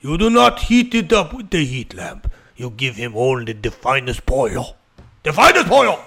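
A man's voice: mid-range voice, big pitch swings, moderate pace, vocal fry, pushed and bright, breathy edge, voice pushed down, heavily acted. A man putting on a pompous character with a heavy fake Spanish accent and rolled R's. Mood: grandiose.

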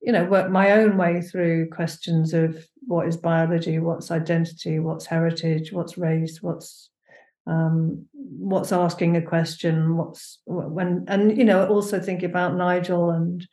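Her voice sits on the low side and sounds mellow, with a flat delivery that runs a little slow. The woman, a performance maker in a casual interview, gropes for her words with frequent fillers, and the room echoes.

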